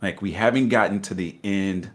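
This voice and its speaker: A man's voice: low voice, normal speed. A middle-aged man telling his investing story in a casual interview, acting out voices with laughter. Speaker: guest investor.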